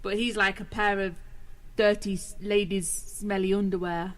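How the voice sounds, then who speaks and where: A woman's voice: medium pitch, level tone, moderate pace. A woman from Ohio co-hosting a casual radio chat show, teasing and telling funny stories with lots of laughter. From Ohio, USA. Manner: teasing, laughing anecdote teller. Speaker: co-host.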